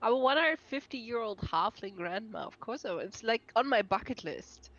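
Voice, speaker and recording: A woman's voice: fairly high pitch, expressive, normal speed, a bit bright, lo-fi sound. A woman playing an old halfling grandma in a tabletop game, playful and bouncy, often slipping into her character's voice. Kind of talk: tabletop role-play chat.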